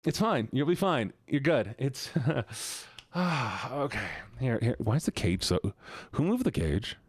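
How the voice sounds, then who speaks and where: Male streamer, casual and jokey, big pitch swings, dry close-mic sound. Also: a little slow, husky, dry recording. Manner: animated, joking, often laughing. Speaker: live streamer. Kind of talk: casual live-stream chat while gaming.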